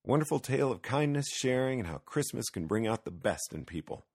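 A man reading a children's Christmas story aloud with lively, expressive storytelling. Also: medium pitch, fairly quick. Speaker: narrator.

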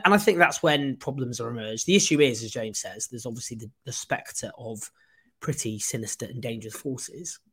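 A man hosting a political livestream, impassioned and sarcastic with quick asides. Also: medium pitch, a bit bright. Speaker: host.

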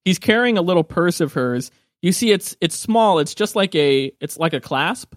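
A man narrating a tabletop game as game master, lively and quick to laugh. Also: high voice, no echo, studio quality.

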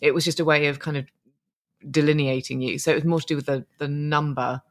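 Chatty woman with a gravelly edge. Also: sits low, steady tone, fast talker. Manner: chatty, rambling with restarts and laughs. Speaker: podcast co-host, marathon runner. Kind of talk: casual chat.

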